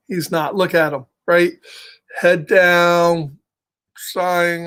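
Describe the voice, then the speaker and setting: A man hosting a children's story time online, reading a picture book aloud with animated, chatty, laughing delivery. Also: sits high, takes it slowly, smooth.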